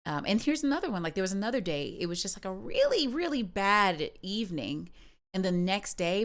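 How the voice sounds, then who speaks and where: A woman's voice: mid-range voice, lively intonation, normal speed, creaky, fairly bright tone. A woman streamer talking in a rambling, candid way, with many fillers and restarts. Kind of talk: casual personal chat on a livestream.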